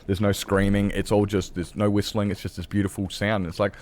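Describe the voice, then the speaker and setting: A man's voice: on the low side, level tone, brisk, background noise. A man streaming, chatting casually with viewers, rambling and correcting himself, swearing freely. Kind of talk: casual chat with live chat.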